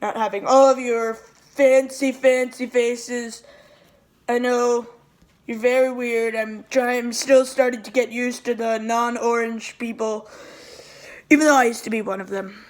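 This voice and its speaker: A woman's voice: on the high side, fairly even intonation, unhurried, lightly acted. A woman playing a petty, self-pitying male president who rambles and repeats nicknames in a comic impression. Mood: boastful. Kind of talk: comedic impression monologue.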